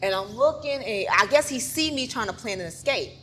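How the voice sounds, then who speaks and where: A woman with a fairly high voice, caught up in telling her own story. She acts out every scene as she goes, dropping to a hush one moment and rising loud the next. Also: expressive, a little fast, a little hiss or hum. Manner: vivid, acts out scenes, swings from hushed to loud. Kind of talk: emotional personal storytelling.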